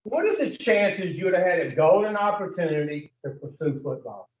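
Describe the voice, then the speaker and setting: A man's voice: sits high, expressive, normal speed. A man leading an addiction recovery group in a preaching style, blunt and profane, firing questions at his listeners. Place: room with a group. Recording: echoey room, distant muffled mic.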